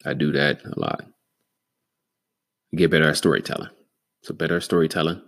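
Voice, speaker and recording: A man hosting a solo podcast, rambling and cursing freely, sometimes getting excitable. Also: very deep voice, fairly quick, gravelly. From Denver, Colorado. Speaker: podcast host. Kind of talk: solo casual podcast monologue.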